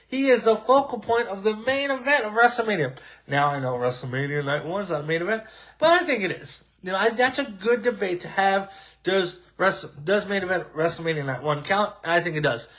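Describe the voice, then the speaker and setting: Animated ranting male podcast host. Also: sits high, fairly quick. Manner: frequent restarts and filler words. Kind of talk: casual live-streamed wrestling talk show.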